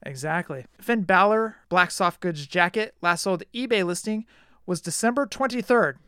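A man's voice: high-pitched, moderate pace, sharp tone, smooth, dry recording, clean studio sound. A man hosting a casual podcast chat, reading listings in a matter-of-fact way and teasing his co-host.

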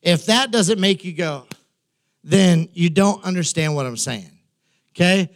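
A man's voice: sits high, animated, unhurried. A man, preaching a conversational sermon as pastor, with emphatic repetition and asides to his congregation.

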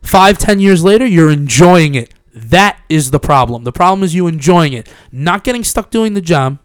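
A young man with a fairly high voice talks loosely into a studio mic, rambling and swearing as he tells a story and laughing along the way. The sound is dry and close. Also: expressive, normal speed, clean tone, no echo. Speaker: podcast co-host. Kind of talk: casual chat.

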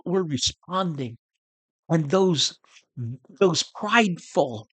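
A man's voice: fairly high pitch, no echo. A man hosting a podcast, teaching church history in an earnest, preacher-like way, often repeating words. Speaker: host.

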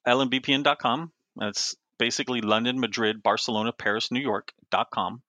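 Rambling, bright-voiced man telling stories. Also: mid-range voice, steady tone, brisk, no echo. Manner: rambling, laughing storyteller with many restarts. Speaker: author guest. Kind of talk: casual interview chat.

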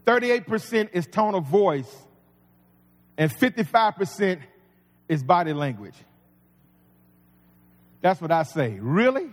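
A man's voice: high-pitched, very animated, slow, long pauses. A man preaching a sermon as pastor, folksy and conversational with humor. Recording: long reverb of a large hall.

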